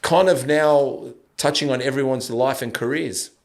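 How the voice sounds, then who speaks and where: An Australian man in his fifties hosts a relaxed podcast conversation. He rambles, circles back and restarts his sentences as he feels his way toward a question. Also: mid-range voice, unhurried, creaky. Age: 50s. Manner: rambling, loose, with restarts and laughs. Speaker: podcast host. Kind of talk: casual interview chat.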